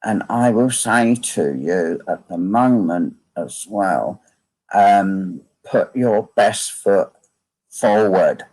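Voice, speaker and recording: A man, working as a medium, giving a slow, repetitive reading and asking again and again whether the listener understands. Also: on the low side, expressive, a little mellow. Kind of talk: live online mediumship reading.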